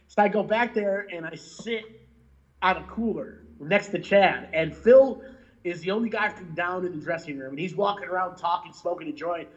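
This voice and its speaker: Musician guest, male, high voice, laughs and swears through his stories, dull lo-fi line. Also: normal speed. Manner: animated, laughing, swearing, lots of "like" and "you know". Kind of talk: storytelling in a casual interview. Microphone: remote call mic.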